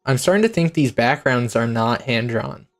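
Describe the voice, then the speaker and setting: A woman's voice: very deep voice, expressive, moderate pace. A woman streaming a game, chatting playfully with her viewers and joking between reading lines aloud. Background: faint game music.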